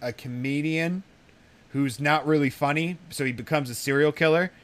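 A man's voice: on the high side, normal speed, fairly bright tone. A man co-hosting a casual podcast who tells stories in a rambling, easily sidetracked way. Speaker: podcast co-host.

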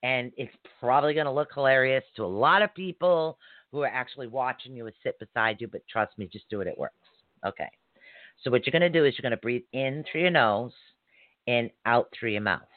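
A man's voice: mid-range voice, brisk, no room sound. A man giving a casual spiritual lesson, listing crystals one by one, correcting himself and checking in with "okay?". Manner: chatty, lists items with frequent "okay?" asides; self-correcting, laughs at himself. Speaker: spiritual teacher. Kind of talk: casual instructional talk. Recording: dry, tinny phone-like audio.

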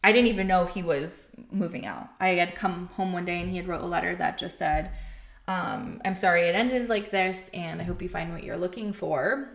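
A young woman telling a personal story in casual chat, candid and animated, swearing and filling her talk with "like". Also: on the low side, moderate pace, gravelly, echoey room. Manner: candid, animated, swears freely, many fillers.

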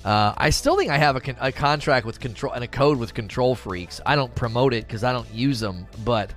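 A man's voice: mid-range voice, animated, fairly quick, a bit bright, soft background music. A man livestreaming in casual chat, teasing and bantering with his viewers as he reads their comments.

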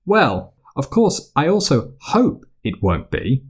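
A man putting on a fussy elderly nurse, her voice lifted well above his own and scolding with exasperation. She is stern and brisk, the kind who frets over tired children, read as a voiced part in a storybook reading. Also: mid-range voice, huge pitch swings, breathy edge, voice pushed up, exaggerated voice. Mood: worried.

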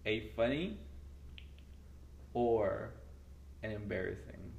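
A teasing, giggly podcast host running a casual chat. The voice has a gravelly edge and swings widely in pitch. It sounds roomy, with a faint hiss behind it. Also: lively intonation, slow pace, a little mellow, muffled recording.

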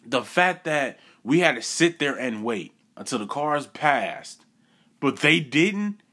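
A young man telling a personal story in a casual, animated way, repeating phrases for effect and acting out what people said. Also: medium pitch, takes it slowly.

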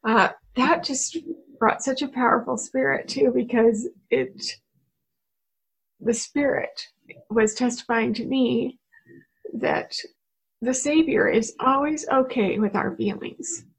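Woman host, encouraging and faith-centered, breathy voice. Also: a little high, takes it slowly, rough recording. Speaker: podcast host. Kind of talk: casual chat.

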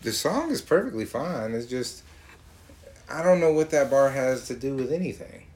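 A man from Georgia, talking in a profane, mocking, animated casual rant. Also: medium pitch, normal speed, slight background noise.

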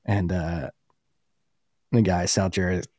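A man's voice: sits low, steady tone, takes it slowly, a little mellow, dry recording, studio quality. A man co-hosting a podcast in casual, profane banter, rowdy and laughing often. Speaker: podcast co-host.

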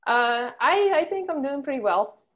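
A woman's voice: sits high, sing-song, moderate pace, fairly bright tone, muffled recording. A woman being interviewed as a guest on a podcast, talking in an upbeat, easygoing way. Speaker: guest, comic book writer. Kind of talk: casual interview chat.

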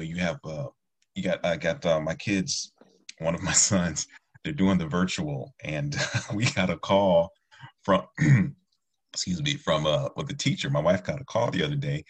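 A man's voice: deep voice, breathy edge. A man who teaches martial arts, talking earnestly in a rambling, casual discussion with many restarts.

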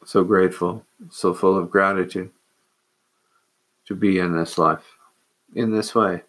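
A man reciting, in his own voice, the slow and reverent prayer of a grateful, devout woman. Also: low voice, steady tone, a bit bright. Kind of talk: quoted prayer.

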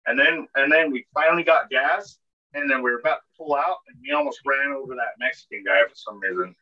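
Here a man co-hosting a podcast spins a loose, rambling story heavy on swearing and filler words. He talks a little fast in a mid-range voice, captured in dull lo-fi podcast audio.

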